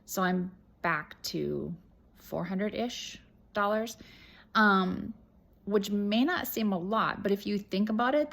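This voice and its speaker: A woman's voice: on the low side, vocal fry, fairly bright tone. A woman chatting casually in a vlog update, rambling with fillers and restarts, her throat a bit irritated. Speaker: reseller vlogger.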